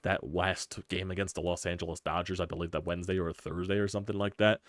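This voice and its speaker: Man, very low voice, live-streamed sports rant, frustrated, profane, dry recording. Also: flat delivery, dry recording. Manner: frustrated, profane, rapid-fire rhetorical questions. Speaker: sports channel host.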